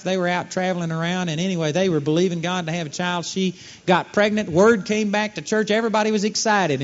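Male preacher, high and very lively voice, storytelling sermon, dull old recording. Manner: animated preaching, acting out quoted voices.

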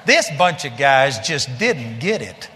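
A male preacher delivering a blunt, forceful sermon. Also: mid-range voice, very animated, takes it slowly, long reverb tail, a little hiss or hum.

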